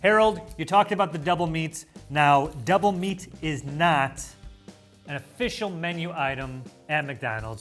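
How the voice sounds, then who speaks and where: A man from the US hosting a casual food review, playful and excitable, with mock-dramatic asides. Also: a little high, measured pace, faint music behind. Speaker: food show host.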